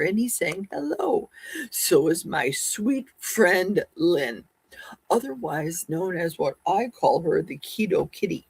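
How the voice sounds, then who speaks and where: A middle-aged woman hosting a casual livestream, talking fast and rambling from one topic to the next. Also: lowish voice, big pitch swings, gravelly, darkish tone, husky, no echo. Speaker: livestream host.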